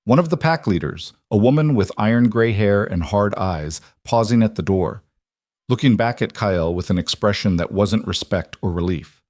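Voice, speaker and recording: Guy reading a dramatic werewolf story, lowish voice, dry close mic. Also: lively intonation, normal speed, darkish tone, no echo. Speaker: narrator. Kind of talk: scripted story narration.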